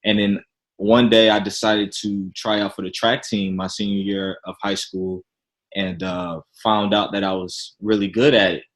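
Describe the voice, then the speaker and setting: Deep-voiced man telling his story. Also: flat delivery, normal speed, rough recording. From Chicago, Illinois. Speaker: podcast guest. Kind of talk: casual interview chat.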